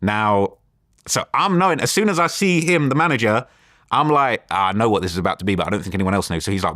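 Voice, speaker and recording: A young man tells his story in a rapid, excited rush, jumping between his own words and the words of others. His voice sits on the low side and sounds dry and close, with no room echo. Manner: animated retelling with quoted dialogue and fillers. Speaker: interview guest. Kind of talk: casual storytelling interview.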